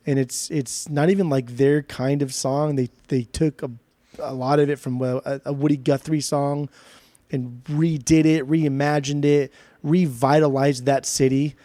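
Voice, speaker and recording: A man co-hosting a podcast, talking about albums in an animated, joking, profane way. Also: mid-range voice, unhurried, dry recording. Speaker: podcast co-host. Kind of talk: casual music review chat.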